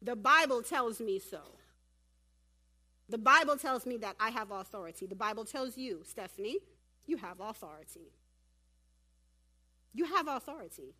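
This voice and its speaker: A woman preaching at a church women's event, animated and humorous, talking directly to her audience. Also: a little high. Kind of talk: sermon.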